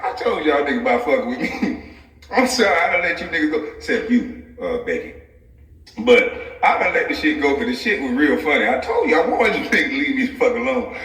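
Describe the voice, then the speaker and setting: A man's voice: on the high side, big pitch swings, a little fast, a bit bright, distant mic. A man vlogging straight to camera in a profane comic rant, laughing often as he talks. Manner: laughs often mid-sentence, loose and profane. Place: home office. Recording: echoey room, voice set back from the mic.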